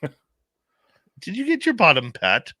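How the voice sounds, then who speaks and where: A man hosting a radio talk show, telling stories in a lively, chatty way. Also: a little high, takes it slowly, no room sound. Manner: animated storyteller, laughs easily. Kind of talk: casual radio talk, storytelling.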